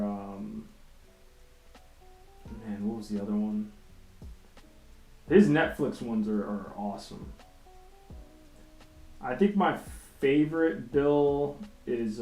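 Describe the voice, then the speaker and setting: Drawing on a livestream, a man chats casually in a laid-back, rambling way, swearing freely and laughing often. His voice is medium-pitched and warm. The recording has a roomy echo with faint music behind him.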